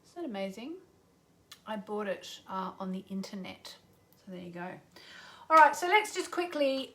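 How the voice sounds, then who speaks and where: A middle-aged woman with a somewhat high voice hosts a live astrology stream. She chats loosely and easily, pokes fun at herself and greets her viewers by name as they join. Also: fairly bright tone. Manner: chatty and self-deprecating, greets viewers by name. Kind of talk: casual livestream chat.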